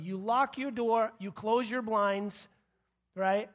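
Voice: mid-range voice, fairly even intonation, slow. A preacher giving a conversational sermon, often checking in with the listeners and acting out what people say. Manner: conversational, checks in with the audience, acts out quotes.

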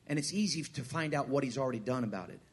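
A man preaching a sermon, asking the crowd questions, repeating his words and swinging from hushed to loud. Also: medium pitch, lively intonation, fast, husky. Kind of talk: sermon with a personal story.

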